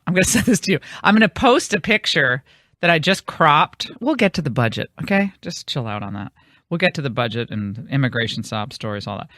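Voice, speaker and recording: A woman's voice: very deep voice, a bit bright, no room sound, studio quality. A woman hosting a radio talk show, telling a long rambling anecdote in casual on-air chat. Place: radio studio.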